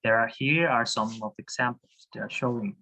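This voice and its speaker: Man, teacher, online class, video call audio, bright tone, hesitant. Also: medium pitch, a little fast, low-quality recording. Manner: hesitant, many fillers and restarts. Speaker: Spanish teacher.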